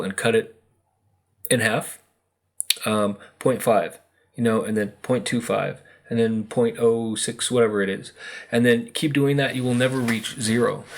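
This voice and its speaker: An American man talking casually to camera about spiritual energy, rambling with many fillers and acted-out quotes. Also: medium pitch. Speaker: spiritual video host. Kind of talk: casual monologue.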